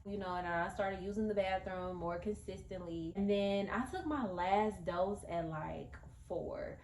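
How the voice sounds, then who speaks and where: A woman's voice: mid-range voice, unhurried, a little mellow. Woman vlogger with a casual rambling storytime delivery, recorded in a roomy space with faint background hiss. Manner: chatty and rambling, speaks straight to viewers, many fillers.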